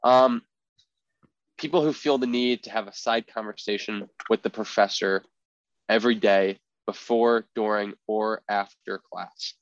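A man's voice: fairly low pitch, fairly even intonation, measured pace, no room sound. A young man co-hosting a podcast, talking in a casual, rambling way with lots of filler words. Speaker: podcast co-host. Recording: dry, slightly dull podcast audio.

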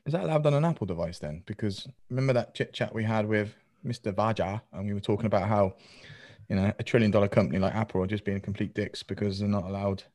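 A man's voice: on the low side, fast talker, a little mellow. A man co-hosting a casual podcast, teasing the others and asking naive questions. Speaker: podcast co-host. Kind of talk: casual chat.

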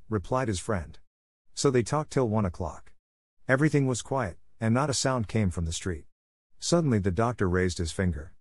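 A man narrating a children's novel aloud in steady storytelling fashion. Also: lowish voice, moderate pace, no room sound, studio quality. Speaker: audiobook narrator.

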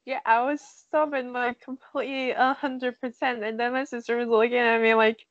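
A woman chatting casually with a fellow fan, excitable and quick to laugh. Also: on the high side, no echo, dull audio. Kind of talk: casual chat.

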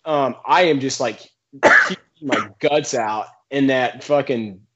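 A man's voice: medium pitch, takes it slowly, heavy background noise. A man casually telling a rambling, profane story to friends on a podcast, laughing often. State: drunk in the story only. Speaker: podcast co-host. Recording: muffled lo-fi podcast audio.

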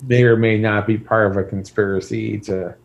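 A man's voice: on the low side, level tone, normal speed, gravelly. A man co-hosting a casual chat, easygoing and agreeable. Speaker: podcast co-host.

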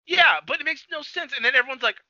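On a movie review podcast, a co-host with a very high-pitched voice races through the plot at a quick pace. His casual, rambling recap leans heavily on "like" and bursts into animated quoted voices. The sound is dry and echo-free, with a slightly dull lo-fi quality.

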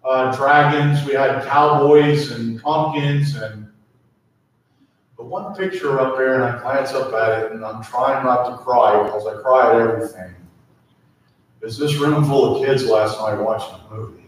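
A male pastor delivers a sermon at a slow, deliberate pace, pressing each phrase home. His voice rings through a very reverberant hall, picked up from some distance with faint room ambience. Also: mid-range voice. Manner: slow, emphatic preaching with repeated call-and-response prompts. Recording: echoey hall, mic at a distance.

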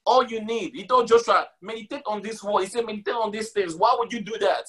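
High-voiced man preaching emphatically. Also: brisk, fairly bright tone. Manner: emphatic, repeats lines for stress; casual slang mixed with scripture. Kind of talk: sermon.

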